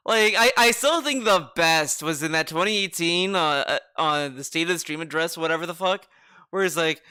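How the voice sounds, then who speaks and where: A man's voice: on the high side, normal speed, pushed and bright, clean tone. A man streaming, commenting on clips in a mocking, sarcastic way. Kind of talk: casual commentary.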